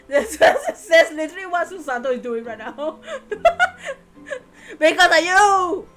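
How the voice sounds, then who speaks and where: A woman's voice: very high-pitched, very animated, slow pace. A woman streamer giving live commentary on a game, giggly and sassy, with lots of exclamations.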